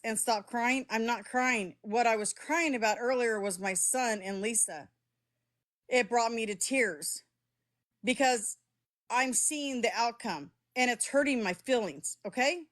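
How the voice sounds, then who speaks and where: Speaking a little high, a middle-aged woman live streams from her phone, addressing her chat directly. She's heated and defensive, cursing as she talks.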